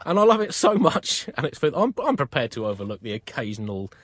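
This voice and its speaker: A man's voice: mid-range voice, big pitch swings, fairly quick, dry recording. A man, co-hosting a comedy podcast and telling stories in a playful, mock-grand style. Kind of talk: comic storytelling narration.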